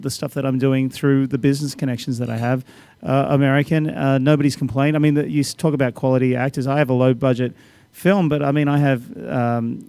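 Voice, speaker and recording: An Australian man, a film director, explaining his choices in a relaxed way on a discussion panel in a hotel function room. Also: medium pitch, vocal fry, no room sound.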